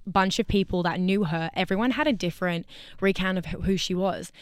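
A woman co-hosting a podcast in casual chat, talking in a chatty, bubbly way with quick asides. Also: on the low side, smooth, dry recording, studio quality. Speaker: podcast co-host.

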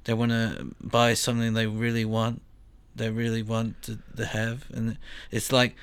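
A man co-hosting a casual radio chat. He talks haltingly, repeating words as he searches for them. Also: lowish voice, completely flat delivery, clean tone, no echo. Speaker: radio co-host.

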